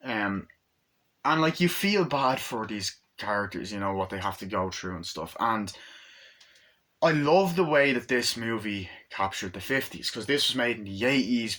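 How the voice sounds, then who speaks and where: A man's voice: lowish voice, pushed and bright. A young man giving a casual, rambling movie review, full of fillers like "you know" and casual swearing.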